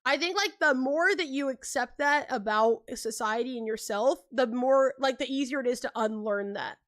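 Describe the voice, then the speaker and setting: This young California woman hosts a livestream, with a high voice at normal speed. Her casual storytelling is full of "like," with acted-out quotes and frequent laughter.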